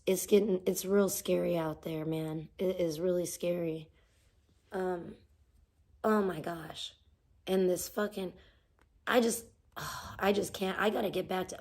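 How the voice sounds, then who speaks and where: A woman's voice: medium pitch, gravelly, darkish tone. A woman hosting a livestream, venting casually with profane, sarcastic rants and talking to her chat. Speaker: livestream host.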